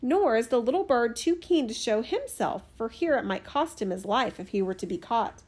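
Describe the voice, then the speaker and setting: A woman reading a fairy tale aloud in an expressive, animated storytelling manner. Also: on the high side, normal speed, breathy edge.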